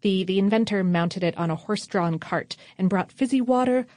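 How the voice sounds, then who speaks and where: A woman's voice: medium pitch, moderate pace, darkish tone, no room sound, studio quality. A woman co-hosting a casual history podcast, reading out facts with wry offhand asides. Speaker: podcast co-host.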